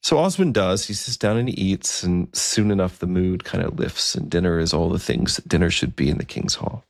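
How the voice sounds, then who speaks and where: A man telling a historical story in a relaxed, conversational way, with asides and fillers. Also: sits low, a little fast, gravelly, no room sound, studio quality.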